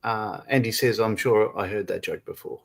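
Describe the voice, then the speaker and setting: A man's voice: on the low side, moderate pace, gravelly. Man, livestream co-host, casual chat, reads comments aloud, laughs often. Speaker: co-host of a model-building livestream.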